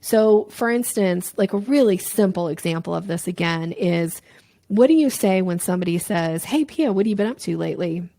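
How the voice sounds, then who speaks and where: Speaking at a normal pace with a fairly low pitch and no echo, a woman who coaches sales describes her approach in an interview-style conversation. She stays animated, performing quick examples in playful voices.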